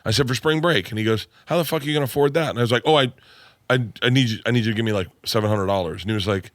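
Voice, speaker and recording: A man co-hosting a podcast, telling crude stories in casual chat and bursting into loud laughter. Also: mid-range voice, racing, no room sound, studio quality. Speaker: podcast co-host.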